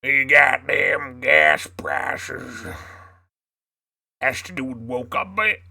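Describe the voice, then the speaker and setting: A man's voice: medium pitch, drawn-out words, pushed and bright, exaggerated voice. A man putting on a drawling Southern redneck trucker. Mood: mocking drawl. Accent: put-on American Southern. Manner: drawling, gruff, boastful. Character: loud redneck male southern trucker, cranky. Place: home streaming room. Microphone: streaming mic.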